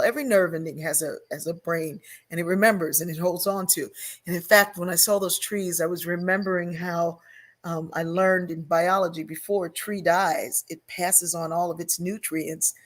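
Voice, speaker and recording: A woman's voice: on the low side, normal speed. An older woman, a guest on an interview show, telling a personal story at length and acting out the voices she remembers. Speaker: guest, sociologist and author.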